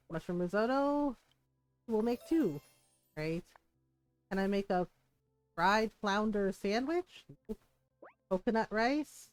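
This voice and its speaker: A woman's voice: mid-range voice, a little mellow, clear, resonant tone, dry recording. A young woman streaming a game from home, chatting casually in a rambling way and laughing often. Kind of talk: casual gameplay chat.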